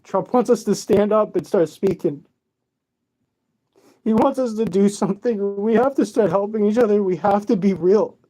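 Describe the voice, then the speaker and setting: A tearful vlogger pours out a rambling, swear-filled rant straight to camera. The voice sits at a middle pitch with a dark, mellow tone, and the delivery is agitated and restless. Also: moderate pace, faint music behind. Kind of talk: emotional profane rant to camera.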